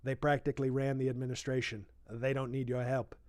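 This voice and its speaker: A man's voice: medium pitch, level tone, brisk, darkish tone, no room sound, clean studio sound, close to an everyday voice. A man doing a comic impression of a boastful older male politician, reading a book aloud and breaking off into rambling, self-praising asides.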